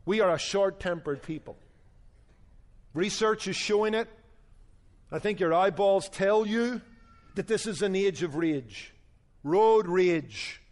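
A man with a notably high voice preaches a radio sermon as a Bible teacher. He tells his points through stories and voices the people in them. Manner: storytelling preacher, acts out dialogue in his story.

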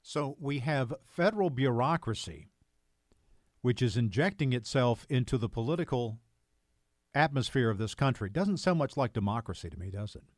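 Low-key male radio co-host. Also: animated, moderate pace, dry recording, clean studio sound. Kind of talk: talk radio banter.

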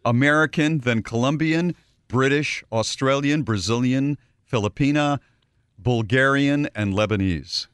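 A man co-hosting a radio show, reading out a list in casual, animated banter. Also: medium pitch, a little slow, clean tone, no echo, studio quality. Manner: animated, reads lists with playful asides.

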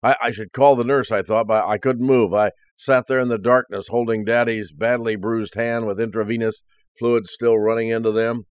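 A man's voice: mid-range voice, steady tone, moderate pace, clear, resonant tone, dry recording. A male preacher earnestly reading a first-person story aloud as part of a sermon.

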